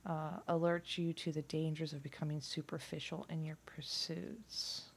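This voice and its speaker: A woman talking casually and at length, profane and rambling, dropping from loud bursts to near-whispers. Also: low-pitched, level tone, moderate pace, husky. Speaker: vlogger.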